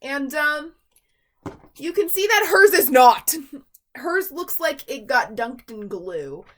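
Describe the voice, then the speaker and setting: Woman, higher-pitched voice, casual vlog chat, rambling, chatty, filler-heavy. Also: very animated, slow, fairly bright tone. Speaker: doll collector reviewing a toy.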